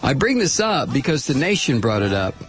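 A man hosting a political talk radio show, delivering a sarcastic, animated monologue and reading listener messages. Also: mid-range voice, fairly quick, faint music behind. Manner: sarcastic, animated, mock voices for quoted people.

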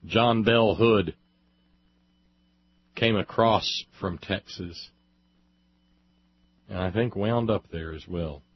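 A man's voice: on the low side, takes it slowly, pauses often, slightly rough. A man giving an impassioned opinion monologue as a commentator, emphatic and building long lists with rising force. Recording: dull lo-fi dry recording.

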